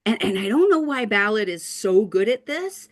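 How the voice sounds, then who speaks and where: Woman teacher, animated and encouraging, patient step-by-step explainer over a video call. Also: medium pitch, moderate pace. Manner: upbeat, reassuring, explains step by step. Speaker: writing teacher. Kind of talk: casual online lesson.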